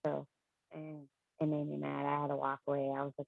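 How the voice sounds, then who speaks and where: A woman sharing a story on a coaching video call, animated and laughing as she talks. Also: sits low, fairly quick, gravelly, dry recording, narrow, tinny audio. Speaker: coaching client.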